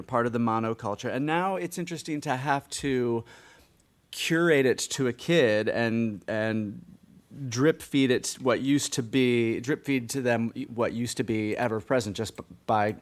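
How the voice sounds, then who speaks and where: A man in his forties co-hosting a podcast, chatting casually in a rambling, self-deprecating way with many restarts. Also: mid-range voice. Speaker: podcast co-host. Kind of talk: casual chat.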